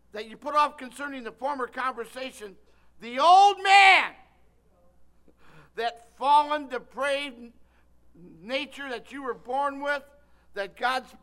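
An older man preaching a sermon, telling a story with lively delivery and calling on listeners by name. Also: very high voice.

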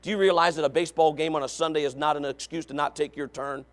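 High-pitched shouting preacher. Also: male voice, fairly even intonation, fast. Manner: swings from low conversational asides to shouted exhortation; repetitive, emphatic preaching cadence. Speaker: pastor. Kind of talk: revival sermon.

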